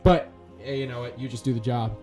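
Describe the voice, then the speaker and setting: A man's voice: medium pitch, level tone, a little fast, mellow, faint music behind. A man narrating a tabletop game as game master in a casual style, with frequent fillers and laughter.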